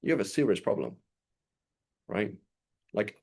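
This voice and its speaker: A man's voice: medium pitch, normal speed, a little mellow. Conversational man teaching a religious lesson. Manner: conversational, often checks in with "right?"; recites Arabic passages fluently.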